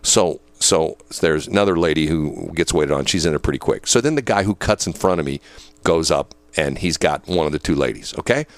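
A man hosting a casual chat, telling a story in an animated way with many fillers. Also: extremely low pitch, a little fast, no echo.

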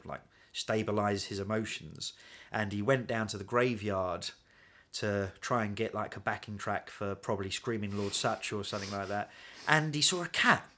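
A man, a guest in a casual chat, telling stories in an animated, chatty way and laughing often. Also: lowish voice. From England.

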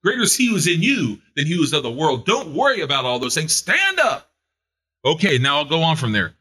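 A man preaching a fervent sermon, repeating his phrases for emphasis and building to loud exhortation. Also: on the high side, wildly swooping pitch, fairly quick.

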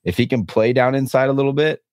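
A man's voice: mid-range voice, steady tone, quick pace, a little mellow, no room sound, clean studio sound. A man co-hosting a podcast, chatting casually and weighing up players. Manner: chatty, analytical about football. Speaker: podcast co-host. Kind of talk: casual chat.

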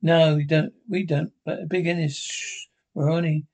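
Actors playing cheeky, bickering older Scottish pensioners in a broadcast sitcom, trading sweary banter. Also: male voice, a little high, fairly even intonation, moderate pace, darkish tone.

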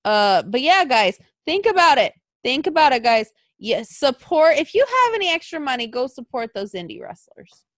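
High-voiced swearing woman. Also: sing-song, moderate pace, dry recording, clean studio sound. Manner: profane, venting, swings between mumbling and loud outbursts. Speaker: podcast co-host. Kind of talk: casual chat.

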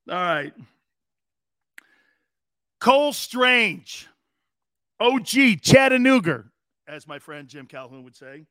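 A middle-aged man hosting a sports talk radio show, loud and joking, laughing often as he rambles. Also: sits high, no room sound, clean studio sound.

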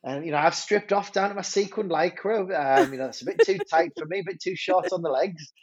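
This male head teacher speaks in a high, slightly rough voice at a brisk clip, recounting a story during a podcast interview. He's animated but keeps stumbling over repeated words, and the recording is dull.

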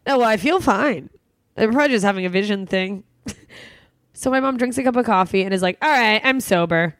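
A woman's voice: medium pitch, a little fast, no echo. Casual young woman telling wild stories. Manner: animated storyteller, acts out quotes, swears freely. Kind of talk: casual chat.

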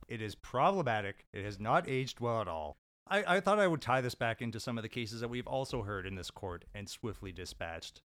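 A man's voice: medium pitch, lively intonation, a little fast, fairly bright tone, no room sound. A man making a mock-indignant comedic argument against a movie, emphatic and scornful. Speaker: podcast co-host making an opening statement.

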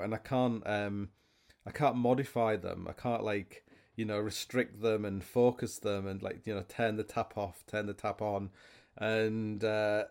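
A man's voice: lowish voice, darkish tone. A man hosting a podcast, telling rambling, self-mocking stories in a casual monologue. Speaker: podcast host.

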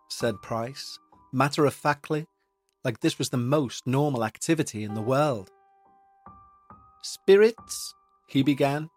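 A man telling a ghost story in scripted narration at a middle pitch. He paces it with measured, dramatic pauses, and a faint bed of music runs behind him. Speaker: podcast host and narrator.

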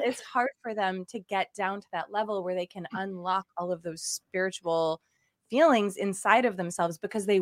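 A woman's voice: mid-range voice, dry recording, clean studio sound. Chatty woman podcast co-host. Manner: chatty, laughing, animated storytelling. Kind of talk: casual chat.

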